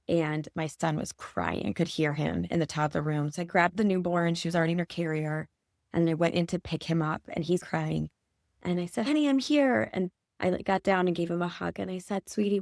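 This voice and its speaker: A woman's voice: fairly low pitch, vocal fry, darkish tone, no echo, clean studio sound. A woman in her forties from Michigan, a podcast guest telling an earnest, emotional personal story. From Michigan, USA.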